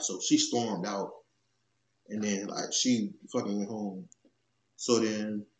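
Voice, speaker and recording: A man's voice: medium pitch, darkish tone. A young man telling a rambling story from his own life in casual talk, full of swearing, "like" and restarts. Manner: profane, rambling, lots of "like" and restarts. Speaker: YouTube storyteller. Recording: echoey room.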